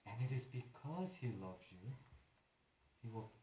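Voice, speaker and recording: A man's voice: mid-range voice, animated, unhurried, dark tone, a little hiss or hum. A man preaching a sermon, earnest and building to emphatic declarations. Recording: roomy echo.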